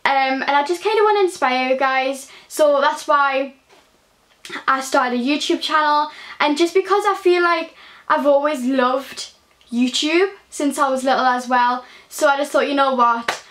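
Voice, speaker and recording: A woman's voice: high voice, measured pace, fairly bright tone. A young woman chatting in a casual question-and-answer vlog, earnest and chatty with lots of fillers. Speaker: YouTuber.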